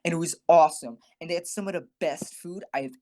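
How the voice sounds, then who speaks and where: A man's voice: a little high, a little fast, dark tone. Young male podcast co-host, swears freely, tells a story with animation and acts out the voices of people he quotes. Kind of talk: casual storytelling.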